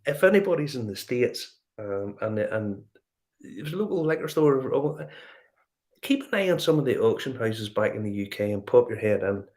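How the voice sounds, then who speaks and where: A middle-aged man with a Northern Irish accent, telling animated travel stories in casual chat and acting out the dialogue. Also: medium pitch, normal speed. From Northern Ireland. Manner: animated storyteller, acts out dialogue. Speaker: whiskey show guest.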